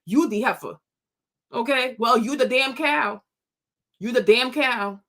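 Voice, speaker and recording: A woman's voice: on the high side, measured pace, fairly bright tone. A woman hosting her own commentary channel, scolding and mocking critics in a sassy, unscripted rant full of laughter.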